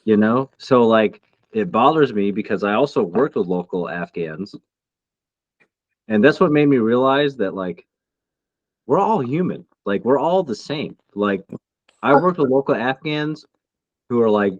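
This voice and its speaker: A man co-hosting a podcast, a military veteran speaking in a reflective, halting way in casual chat. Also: mid-range voice, lively intonation, no echo, dull audio.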